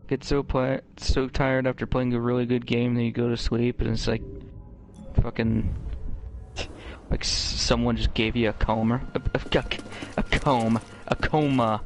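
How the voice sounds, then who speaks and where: A man's voice: mid-range voice, flat delivery, normal speed. A tired, yawning man commentating on a game he is playing, rambling and swearing freely. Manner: rambling, heavy swearing, laughs often. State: sleepy, yawning. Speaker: gameplay streamer. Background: game music and sound effects.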